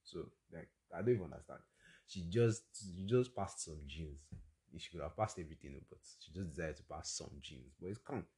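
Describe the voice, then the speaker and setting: A young man with a Nigerian accent hosting a casual solo storytelling podcast, chatty and exclamatory with quick asides. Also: low voice, animated, darkish tone. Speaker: podcast host.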